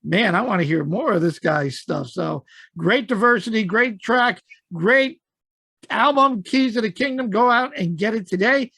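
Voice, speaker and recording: Gravelly, high-voiced enthusiastic radio host. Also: male voice, normal speed, pushed and bright, no echo. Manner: enthusiastic, promotional, many fillers. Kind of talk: casual interview chat.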